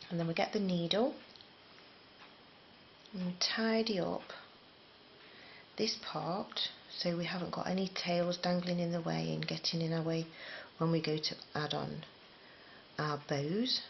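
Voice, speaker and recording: Chatty woman, low gravelly voice. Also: fairly even intonation, slow pace, pauses often, a little hiss or hum. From England. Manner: chatty, rambling, self-deprecating. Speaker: crochet teacher. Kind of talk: casual spoken tutorial. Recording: slightly dull lo-fi recording.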